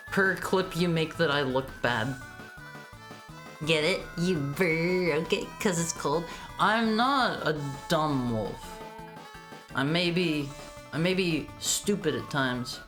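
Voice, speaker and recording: A woman's voice: deep voice, takes it slowly. A woman streaming a video game, chatting playfully and teasing her chat. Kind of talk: casual game-stream commentary. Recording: game music playing behind.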